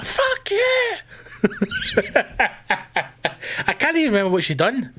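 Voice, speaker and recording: Scottish male podcast host, loud, profane, ranting delivery. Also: on the high side. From Scotland. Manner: loud, sweary ranting, bursts into screamed outbursts. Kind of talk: solo comedy podcast rant.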